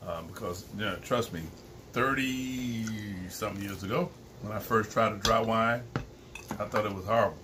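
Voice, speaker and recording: A man's voice: fairly low pitch, moderate pace. A man, co-hosting a casual live-stream chat, rambling and restarting. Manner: relaxed, rambling, frequent restarts and laughs. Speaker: co-host. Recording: faint background noise.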